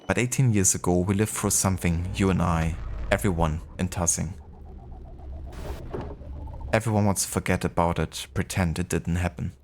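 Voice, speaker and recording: A man with a German accent voicing a gentle, regretful older father, reading game dialogue aloud slowly and softly. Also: deep voice, fairly even intonation, slight background noise. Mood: reflective.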